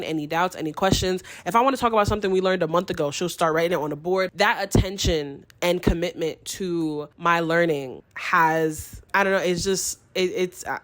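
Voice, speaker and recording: Earnest young woman vlogger, slightly low voice. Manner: earnest, heartfelt, candid and expressive; mixes in bits of Spanish. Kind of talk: casual vlog talk to camera.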